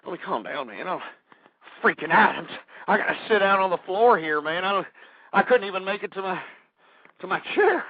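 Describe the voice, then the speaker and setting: A man's voice: sits high, lively intonation, brisk, no echo, narrow, tinny audio. A man hosting a radio show, panicked and rambling, stammering through an apology with his heart racing.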